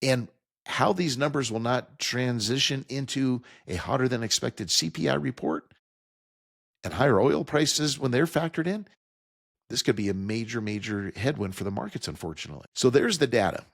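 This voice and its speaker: A man's voice: medium pitch, moderate pace, creaky, no echo, studio quality. A man hosting a financial talk radio show, stressing key figures and explaining the numbers plainly to his listeners. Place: radio studio.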